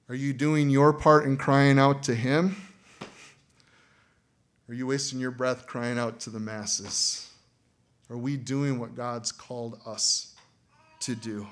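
A man preaching to his congregation in a loose, talky way, with his voice sitting at an ordinary middle pitch. He laughs lightly between lines and gets loud and animated whenever he acts out what people say. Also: slow pace, pauses often. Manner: conversational, laughs often, acts out quoted voices loudly. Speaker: pastor. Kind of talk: sermon.

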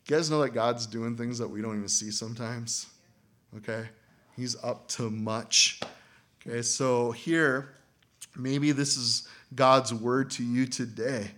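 A man pastor preaching a sermon in a conversational way, chuckling often and acting out quoted voices loudly. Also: medium pitch, flat delivery, a little slow.

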